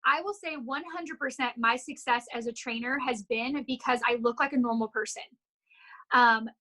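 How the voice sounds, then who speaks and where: High bright-voiced gym owner, candid. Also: female voice, rough recording. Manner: candid, storytelling, encouraging. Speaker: gym owner and fitness instructor, guest. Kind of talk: casual interview chat.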